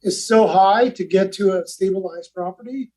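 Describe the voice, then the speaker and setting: A man talking as a podcast guest, explaining in casual chat with quick restarts. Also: high voice, a little mellow, far from the mic, low-quality recording. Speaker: real estate investor guest.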